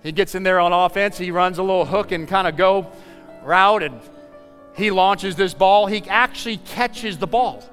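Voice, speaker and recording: A man preaching a sermon, telling a story in an animated way and acting out the dialogue. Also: high voice, moderate pace, in a large hall, faint music behind. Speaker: pastor.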